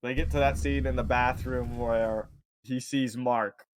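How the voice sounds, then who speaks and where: A man's voice: medium pitch, steady tone, measured pace, slight background noise. Laid-back young man co-hosting. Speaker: podcast co-host. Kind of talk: casual chat.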